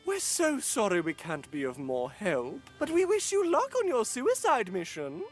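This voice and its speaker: A woman's voice: mid-range voice, wildly swooping pitch, moderate pace, music in the background. A woman voicing a whiny, flustered fairy leader in a cartoon parody.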